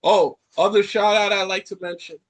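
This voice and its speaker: A Caribbean man hosting a podcast, ranting in an animated way and repeating lines for effect. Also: high-pitched, moderate pace. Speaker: podcast host. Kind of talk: casual chat.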